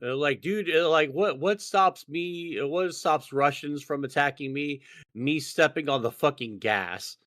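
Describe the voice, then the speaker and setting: A man's voice: a little high, a little slow, few pauses, fairly bright tone, no room sound, studio quality. A man from Texas co-hosting a casual podcast, profane and rambling, with lots of fillers and restarts. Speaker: podcast co-host.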